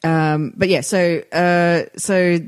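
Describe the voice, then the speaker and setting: A woman's voice: on the low side, fairly even intonation, takes it slowly, clear, resonant tone, dry recording, studio quality. A woman co-hosting a podcast, chatting casually about books and laughing often. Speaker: podcast co-host. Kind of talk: casual book review chat.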